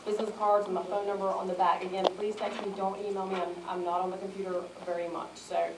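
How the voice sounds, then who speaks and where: A woman's voice: mid-range voice, flat delivery, fast, noisy background. A woman organizer giving earnest, encouraging closing remarks to an audience, repeating herself for emphasis. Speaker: event organizer. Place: indoor event hall. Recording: echoey room, mic some distance away.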